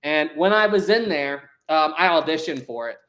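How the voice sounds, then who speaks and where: A livestream host with a medium-pitched, expressive, slightly bright voice chats casually at a moderate pace, reading the chat aloud. They laugh often and hesitate a lot, filling pauses with fillers and trailing off while searching for words.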